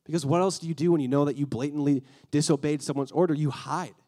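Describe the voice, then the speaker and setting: A man's voice: a little high, steady tone, fast talker, mellow. A young man giving a casual, earnest sermon to a youth group, acting out quotes in a slangy, conversational way. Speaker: youth speaker.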